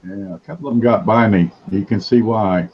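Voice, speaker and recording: A man's voice: lowish voice, a little fast, dull audio, slight background noise. A man hosting a casual livestream chat, wisecracking and joking as he talks. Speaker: host.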